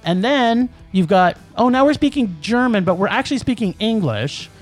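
A man co-hosting a podcast, ranting about movies in an animated way and laughing often. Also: sits high, moderate pace, faint music behind. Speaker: podcast co-host. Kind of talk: casual podcast movie rant.

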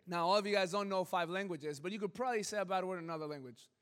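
A fairly high-voiced man preaching a lively sermon in a church, joking with his congregation and slipping into quick quoted voices. His voice rings with a long reverb through the hall. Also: clear, resonant tone. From Southern California. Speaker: pastor. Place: church sanctuary.

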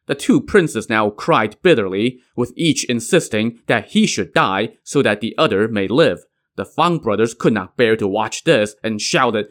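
A man's voice: medium pitch, expressive, normal speed, few pauses. A man retelling a classic tale with wry, conversational asides. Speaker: storyteller.

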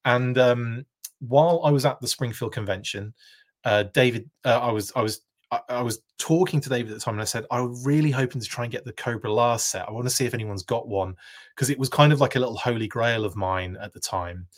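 A man's voice: medium pitch, brisk. A man with a British accent hosting a live stream, telling a long rambling anecdote full of tangents. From United Kingdom. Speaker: live show host. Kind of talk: casual live-stream chat.

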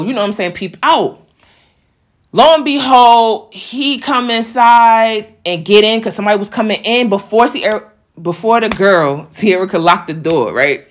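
Profane animated woman telling a story. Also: mid-range voice. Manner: animated, profane, acts out quoted voices. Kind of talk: casual storytelling.

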